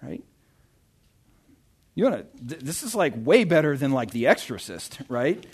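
Reading scripture and then retelling it, a male pastor preaches conversationally, with lively asides and stammering restarts. His voice is medium-pitched and slightly rough, and he keeps a measured pace.

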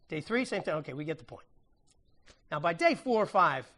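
A man with a notably high voice delivers a sermon in a church. He talks conversationally, acting out the story with playful asides and humor, like a pastor teaching his congregation. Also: huge pitch swings, fairly quick, pushed and bright.

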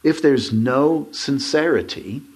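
A man's voice: mid-range voice, takes it slowly, husky. A man preaching a sermon. He reads scripture aloud and keeps calling the congregation "folks" as he presses his points. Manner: emphatic, rising to stress points and addressing the congregation as folks.

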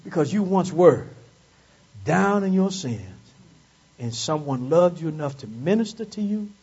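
Fervent high-voiced man preaching a sermon. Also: lively intonation, unhurried, darkish tone, husky, lo-fi sound. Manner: call-and-response preaching, rising to fervent peaks; repeats phrases for emphasis. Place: church service.

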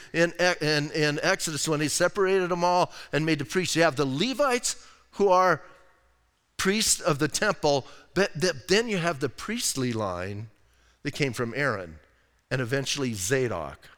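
A man's voice: fairly high pitch, moderate pace, fairly bright tone, in a large hall. A male pastor preaching a sermon in a conversational, emphatic style with rhetorical asides. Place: church sanctuary.

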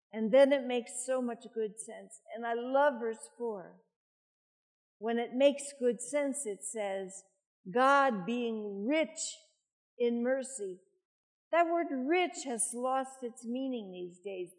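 A woman's voice: medium pitch, darkish tone. An older woman preaching a sermon, chatty, with self-deprecating asides.

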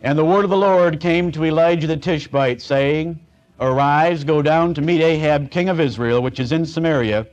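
A man's voice: a little high, moderate pace. A man preaching through a Bible passage, mixing plain scripture reading with sarcastic, conversational asides. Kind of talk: expository Bible teaching. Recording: dull lo-fi recording.

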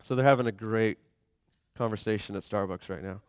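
A man's voice: on the low side, fairly quick, clean tone, no room sound. A man preaching a sermon as a pastor, talking in a conversational way and acting out the voices he quotes.

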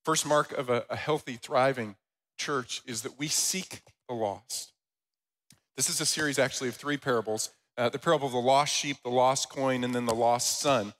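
Guy pastor preaching a sermon, middle pitch, lively storytelling, reads scripture out loud. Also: moderate pace, poor audio. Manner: animated storytelling with loud, rising quoted voices; reads scripture aloud in a steady voice.

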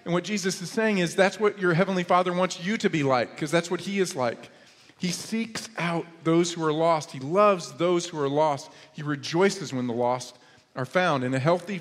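A middle-aged man preaches to his congregation in a slightly high voice, mixing humorous stories with lively exclamations. His sermon rings through a church sanctuary with a long, hall-like reverb. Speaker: pastor.

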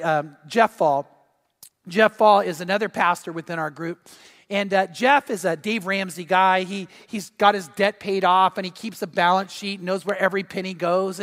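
A middle-aged man preaching a sermon as pastor, telling stories and acting out the people in them. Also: high-pitched. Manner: animated storytelling preacher, acts out quotes. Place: church sanctuary. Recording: long reverb of a church hall.

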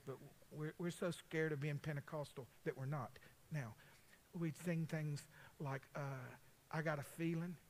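A man, a pastor preaching a folksy, conversational sermon full of personal stories, talking straight to his congregation. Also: fairly high pitch. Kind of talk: storytelling sermon.

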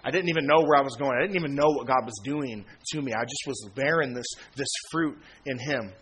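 A man in his thirties preaching a sermon in a relaxed, slangy way, acting out conversations with old friends. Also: medium pitch, a little fast. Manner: casual, slangy, acts out quoted friends with laughs. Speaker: pastor.

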